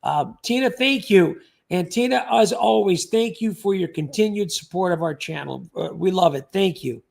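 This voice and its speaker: A man's voice: sits high, normal speed, vocal fry, a little mellow. A man hosting a casual livestream, rambling and joking as he reads out viewer comments and thanks people by name.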